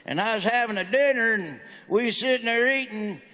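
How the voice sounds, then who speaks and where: A man's voice: very high-pitched, fairly quick, pushed and bright. A man with a Southern American accent doing a stand-up comedy set, delivering folksy punchlines in a drawl. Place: large hall on stage. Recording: stage mic in a big reverberant hall.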